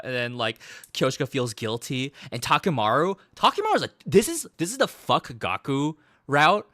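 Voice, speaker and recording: A man giving a casual recap of a game he played, an animated storyteller who swears freely. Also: mid-range voice, moderate pace, no echo, studio quality. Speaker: gaming streamer.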